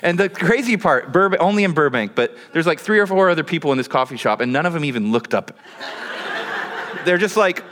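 Reserved, dry-humored preacher in a hall. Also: male voice, expressive, quick pace, fairly bright tone. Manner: reserved, low-key, dryly humorous storyteller. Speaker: pastor. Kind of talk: sermon with prayer and storytelling.

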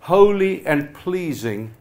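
A middle-aged man preaching a passionate sermon to his congregation, swinging from loud urging to quiet, hushed lines. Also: fairly high pitch, very animated, takes it slowly. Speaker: pastor. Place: church hall with a congregation.

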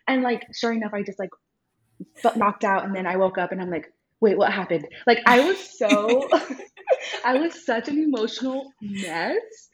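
A woman guest telling a personal story in casual chat, animated and acting out quoted lines. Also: mid-range voice, moderate pace, slightly rough, rough recording. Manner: animated, acts out her own and others' lines in quotes, many fillers of "like". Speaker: podcast guest.

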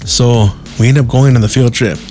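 A man's voice: medium pitch, fairly even intonation, moderate pace, darkish tone, faint music behind. A man telling a rambling personal story in a casual, slang-heavy, profane way. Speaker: podcast host.

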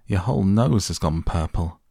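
A man's voice: sits low, animated, normal speed, vocal fry, warm tone, husky, dry recording, clean studio sound, exaggerated voice. A man voicing a blustering father who barks orders in a storybook reading. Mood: stern. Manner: barking orders.

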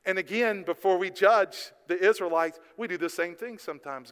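A pastor preaches with passion, dropping low and quiet, then building to emphatic peaks. His voice sits a little high for a man. The sound rings out with the long reverb of a church hall. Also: expressive, moderate pace, few pauses, smooth. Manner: impassioned preaching, swings between hushed and emphatic. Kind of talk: sermon. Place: church sanctuary.

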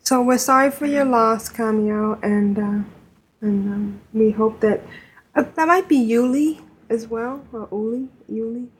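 A woman hosting a gaming podcast in casual chat, with a breathy voice and a hesitant, sympathetic manner. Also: on the high side, measured pace, low-quality recording. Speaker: podcast host.

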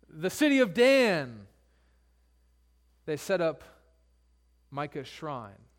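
High-voiced man preaching casually. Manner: casual storytelling, paraphrasing scripture in everyday speech. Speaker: pastor. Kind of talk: sermon.

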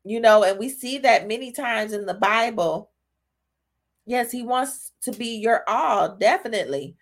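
A woman's voice: fairly high pitch, unhurried. A woman hosting a casual devotional talk, talking straight to her listeners and growing emotional. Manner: conversational, asks listeners "y'all" and "right?", grows emotional. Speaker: podcast host giving a devotional talk.

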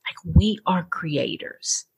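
A woman's voice: lowish voice, lively intonation, slow, creaky, darkish tone, slightly rough. A woman in her thirties hosting a coaching podcast, talking in a chatty, encouraging way with lots of "like" and "right?". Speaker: podcast host and life coach. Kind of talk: casual podcast talk.

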